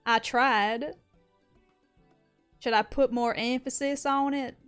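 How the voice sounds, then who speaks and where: Young woman game streamer, higher voice, smooth and clear, casual and giggly, light swearing, faint game music under her. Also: steady tone, slow, a bit bright. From not American. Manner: laughs often, swears casually, playful. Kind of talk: casual gameplay commentary, reading game dialogue aloud.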